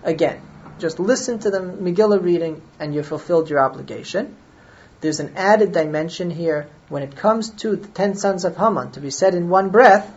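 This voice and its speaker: A woman with a fairly low, slightly mellow voice lectures on Jewish law, reasoning through the logic aloud and stopping to make sure her listeners are following. The audio is dull and lo-fi.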